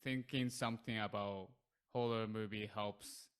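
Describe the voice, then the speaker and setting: A man's voice: on the low side, fairly even intonation, unhurried, smooth. A man whose first language is Japanese, co-hosting a podcast in casual chat, with simple phrasing and frequent short agreements. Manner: brief backchannels, simple phrasing. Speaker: podcast co-host.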